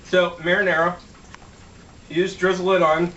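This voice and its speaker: A man's voice: high voice, flat delivery, moderate pace, pushed and bright, muffled recording, a little hiss or hum. A man giving a casual cooking demo in his home kitchen, joking around and swearing freely. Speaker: home cook. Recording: echoey room, mic at a distance.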